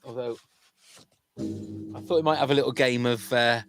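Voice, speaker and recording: A man's voice: medium pitch, fairly even intonation, normal speed, pauses often, fairly bright tone, faint music behind. A man hosting a charity podcast livestream in casual, jokey chat, often tripping over his words. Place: home room during a livestream.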